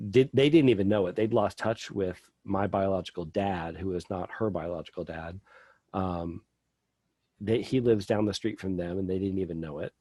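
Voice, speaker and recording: A man's voice: deep voice, dark tone, no echo. A middle-aged man telling a personal story as a podcast guest, rambling with lots of fillers.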